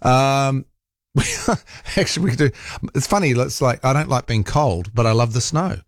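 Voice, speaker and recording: A New Zealand-accented man hosts a talk radio show, rambling casually through a monologue with lots of fillers and restarts. His mid-range voice is expressive at a moderate pace, recorded dry on a studio microphone.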